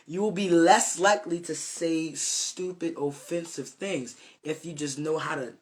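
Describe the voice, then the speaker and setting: A young man giving an informal, earnest devotional talk, rambling with many fillers and restarts. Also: fairly high pitch. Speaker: self-made preacher.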